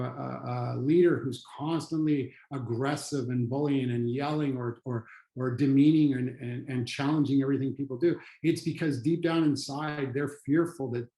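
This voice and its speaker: A mid-pitched, mellow man with a Canadian accent gives an online training lecture in a loose, conversational style, restarting sentences often. His pitch jumps whenever he acts out what people say, and the room echoes around him.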